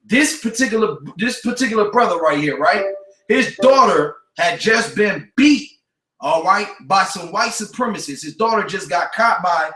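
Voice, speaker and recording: Forceful preaching radio host. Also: male voice, sits high, lively intonation, normal speed, echoey room, far from the mic, poor audio. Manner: forceful, repetitive, street slang, scriptural. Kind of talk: preaching talk radio commentary.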